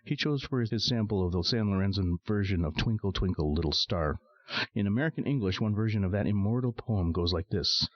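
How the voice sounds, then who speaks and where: Male audiobook narrator, very low voice, measured and steady, dull dry recording. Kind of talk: scripted narration.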